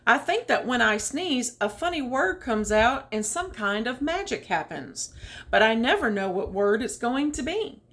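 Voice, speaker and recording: A woman voicing a kindly, sneezy old male ragman in a storybook, speaking in a gentle, soothing way. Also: fairly high pitch, sing-song, unhurried.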